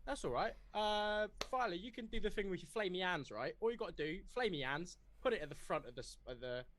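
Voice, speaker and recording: A man's voice: sits high, lively intonation, brisk, a bit bright. A man playing a tabletop game in character, brash, demanding and joking. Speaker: player.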